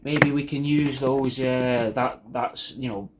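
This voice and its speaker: A man's voice: medium pitch, steady tone, takes it slowly, noisy background. A man rambling through a personal video message, swearing a lot and often restarting his sentences. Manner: rambling, sweary, self-deprecating, with many restarts.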